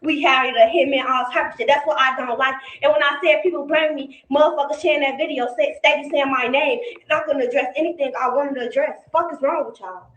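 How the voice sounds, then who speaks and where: On a live stream, a woman rants angrily and defensively, swearing often, repeating herself and raising her voice. Her high, slightly bright voice holds a steady tone and comes fast with few pauses. The lo-fi recording is echoey and noisy, played back with clicks.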